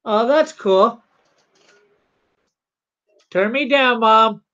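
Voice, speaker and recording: A comic artist chatting casually on a livestream from home, rambling and halting while reading the chat. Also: medium pitch, a bit bright, lo-fi sound.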